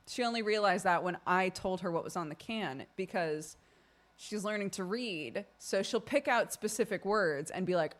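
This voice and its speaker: A woman streamer telling a casual, expressive story to her live chat, acting out quoted speech. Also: on the low side.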